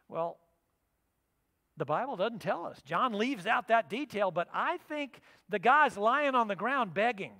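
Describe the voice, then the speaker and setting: A man preaching a sermon as pastor, telling the story with lively acted-out quotes. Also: sits high, moderate pace. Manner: animated storytelling, acting out quotes. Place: church sanctuary. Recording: long reverb of a church hall.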